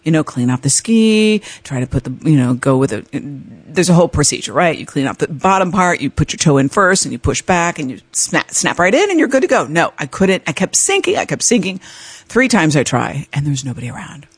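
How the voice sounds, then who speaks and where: A woman's voice: low-pitched, very animated, brisk, husky, no room sound. A middle-aged woman hosting a podcast, telling a personal story in a chatty, self-mocking way with many fillers. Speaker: podcast host. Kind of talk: casual storytelling monologue.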